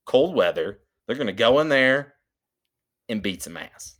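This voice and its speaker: A man co-hosting a podcast, brashly pitching sports bets in casual, swearing chat. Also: animated, a little slow, a bit bright. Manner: brash, swearing, calls his co-host baby. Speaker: podcast co-host.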